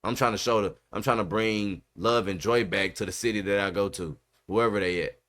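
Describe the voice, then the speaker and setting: A man putting on a low, mumbled voice to mock a smug, grinning young male quarterback. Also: steady tone, a little fast, fairly bright tone, natural voice.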